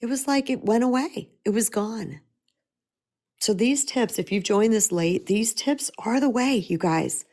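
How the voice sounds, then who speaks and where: With a mid-range, slightly mellow voice, this middle-aged spiritual empowerment coach delivers a motivational talk. She's earnest and emphatic, circling back often to repeat her key phrases.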